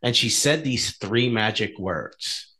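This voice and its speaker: A man co-hosts a casual podcast with a mid-pitched voice. His delivery is lively and swings up and down a lot as he tells stories and acts out the dialogue in them. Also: takes it slowly, husky. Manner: animated storyteller, acting out dialogue. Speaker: podcast co-host.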